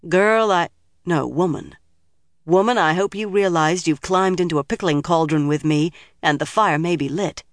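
A man's voice: on the high side, normal speed, dry recording, clean studio sound, close to an everyday voice. A man voicing a proud, argumentative young woman in an audiobook reading. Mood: softening.

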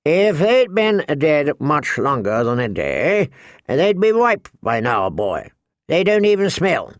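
A man's voice: a little high, big pitch swings, slow pace, dry recording, clean studio sound. A man doing a cold, curt knight. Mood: dismissive. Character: cold, impatient male knight.

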